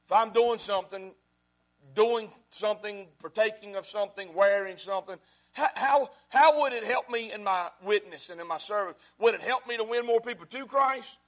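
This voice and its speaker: Pastor, man, high voice; sermon delivery that repeats lines and swings from loud to hushed. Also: moderate pace.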